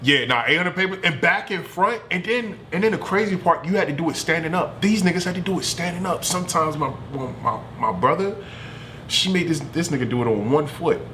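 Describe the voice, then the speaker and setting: A man streaming from home, telling a family story in a loose, animated and profane way. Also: a little high, brisk, a little hiss or hum. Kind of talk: casual storytelling.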